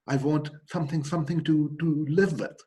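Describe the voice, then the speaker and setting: A man's voice: a little high, steady tone, mellow, natural voice. A man reading aloud the lines of a grieving young woman who mourns her dead fiancé. She pleads and falters, repeating her words. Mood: mournful pleading. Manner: pleading, halting repetitions. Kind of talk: reading a novel passage aloud.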